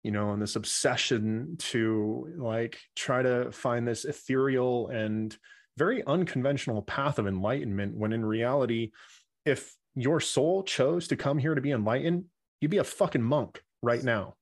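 A man's voice: mid-range voice, moderate pace, no echo, studio quality. A man speaking as a podcast guest, reflective and spiritual, swearing casually in conversation.

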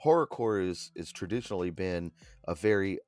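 On a dry recording, a man with a deep voice talks fairly quickly as he co-hosts a podcast. He chats casually, spinning lively stories and performing the lines he quotes.

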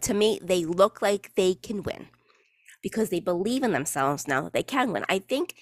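Speaking in a fairly low voice, a New York podcast host who also coaches cheerleading keeps her chat casual and sarcastic, full of fillers and easy swearing. It's recorded in studio quality without echo.

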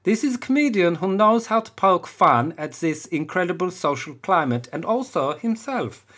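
A man's voice: high-pitched, big pitch swings, moderate pace, fairly bright tone, voice pushed up, full character voice. A man putting on a clipped German-accented reader. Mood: earnest. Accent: put-on German. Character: German man reading a listener review.

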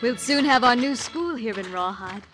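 A woman playing a spirited, kind young schoolteacher, brisk and earnest, in 1940s radio acting. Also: fairly high pitch, animated, music in the background, close to an everyday voice. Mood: warm.

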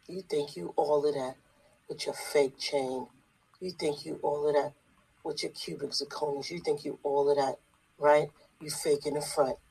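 Husky online preacher going off, blunt and scolding, says everything twice. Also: mid-range voice, a little mellow, low-quality recording. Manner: emphatic and repetitive, with rhetorical questions. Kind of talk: preaching video.

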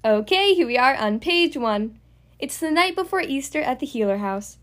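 A woman hosting a podcast, reading a children's storybook aloud in a friendly, expressive way. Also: high voice, moderate pace. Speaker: podcast host and storybook reader.

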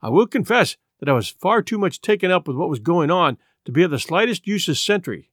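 A man narrating a classic adventure novel in an expressive storytelling manner. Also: high-pitched, brisk, no echo, studio quality. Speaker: audiobook narrator.

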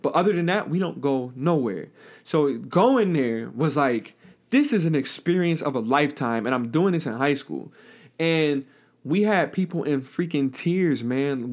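A young man co-hosting a podcast, telling stories in a relaxed way and teasing his friend playfully. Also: a little high, measured pace. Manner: laid-back storytelling, playful teasing. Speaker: podcast co-host. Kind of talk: casual chat.

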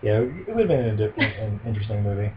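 A man's voice: lowish voice, expressive, quick pace. A man co-hosting a casual movie podcast, joking around and slipping into goofy impressions. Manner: jokey, does goofy impressions. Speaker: podcast co-host. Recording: muffled lo-fi audio with faint hiss.

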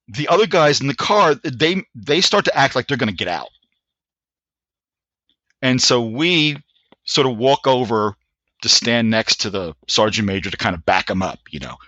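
An older American man, an army veteran, recounting an anecdote in a bright, forceful voice. He stops and restarts his phrases as he goes. The audio is dry and a bit muffled. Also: medium pitch, lively intonation, no echo. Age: 60s. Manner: halting, restarts phrases, leans on filler phrases. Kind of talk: casual anecdotal storytelling.

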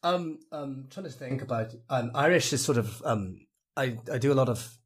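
Welsh male actor, guest on a casual podcast, slightly breathy voice, restless and chatty. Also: medium pitch, normal speed. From Wales. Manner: animated, rambling, laughs often, tries out accents.

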